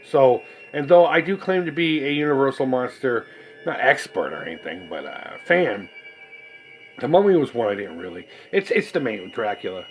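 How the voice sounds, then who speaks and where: A man's voice: medium pitch, poor audio. A man in his forties hosting a casual unboxing video, rambling and swearing freely with a joking, laughing manner. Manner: rambling, profane and jokey, with laughs. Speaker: collectibles video host.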